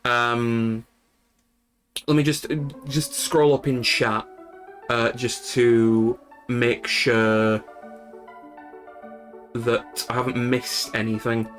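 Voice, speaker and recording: A man's voice: mid-range voice, flat delivery, very slow, pauses often, a bit bright, soft background music. A man from Yorkshire with a Yorkshire accent, chatting casually and rambling to his stream's viewers, with many fillers and restarts. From Yorkshire, north of England. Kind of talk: casual chat with live viewers.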